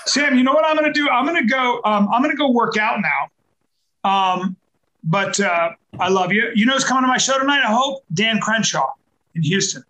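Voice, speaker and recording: Exasperated man with a very high, bright voice. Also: moderate pace, slight background noise, low-quality recording. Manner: exasperated, mocking impressions. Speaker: comedian guest. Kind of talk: casual crude banter.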